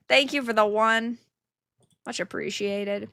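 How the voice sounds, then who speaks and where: A woman's voice: medium pitch, slow pace, fairly bright tone, smooth, no room sound. A woman co-hosting a podcast, chatty and giggly, thanking donors in casual chat. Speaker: podcast co-host. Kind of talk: casual chat, reading donations.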